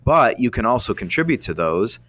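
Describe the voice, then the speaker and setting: Lively, rambling male financial advisor. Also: medium pitch, fairly quick. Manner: rambling, animated explaining. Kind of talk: explanatory radio talk.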